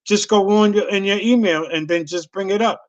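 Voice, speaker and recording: A man's voice: high voice, brisk, no echo, muffled recording. A middle-aged man, a comedian, telling a long profane story in a loose, rambling way. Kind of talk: casual storytelling on a video call.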